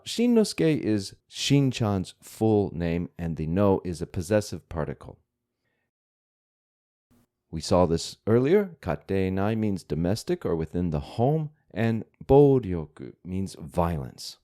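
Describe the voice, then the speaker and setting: A man explaining vocabulary to learners at an unhurried pace. His voice is low and warm, and his pitch moves around a lot. He works through the grammar patiently and methodically. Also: sing-song. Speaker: language teacher.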